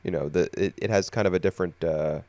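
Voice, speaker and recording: Drowsy, low-voiced man on a podcast. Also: darkish tone, dry recording. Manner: thoughtful, unhurried, many fillers. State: sleepy, yawning. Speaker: podcast co-host. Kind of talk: casual podcast chat.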